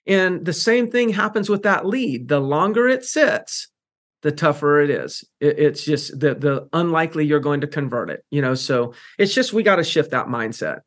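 A man's voice: on the high side, very animated, moderate pace, a bit bright. A man hosting a podcast interview who talks emphatically and explains his points with everyday examples. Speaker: podcast host. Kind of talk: casual interview conversation.

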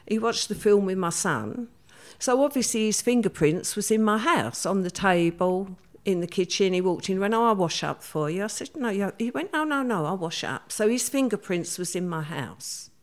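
A middle-aged woman, telling a past event in a vivid, hurried way and quoting others as she goes. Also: medium pitch, lively intonation. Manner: vivid, hurried retelling with many quoted voices. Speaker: interviewee. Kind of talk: conversational storytelling.

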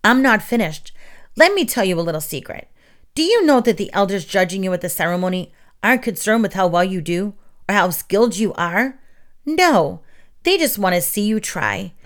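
A woman voicing a very old elder witch who speaks gently but firmly. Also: mid-range voice, sing-song, moderate pace, close to an everyday voice. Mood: firm, kindly.

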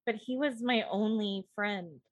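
A woman voicing a lonely, gentle young woman in a tabletop role-play, speaking softly and earnestly. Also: mid-range voice, a little slow, no echo, lightly acted. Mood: hurt.

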